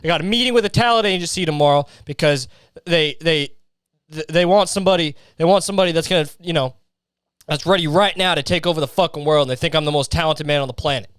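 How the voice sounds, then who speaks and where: A man's voice: a little high, fast, a bit bright, clean tone, no room sound, clean studio sound. A young man hosting a solo comedy podcast, ranting profanely and acting out voices while sweating in a heatwave. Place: his hot bedroom.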